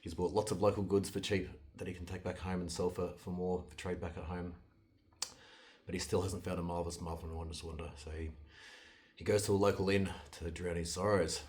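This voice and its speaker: A man telling a fairytale in a loose, conversational way, with restarts and sudden jumps in loudness. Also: sits low, brisk. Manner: loose retelling with restarts, lively swings in loudness. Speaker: storyteller. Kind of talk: casual fairytale storytelling.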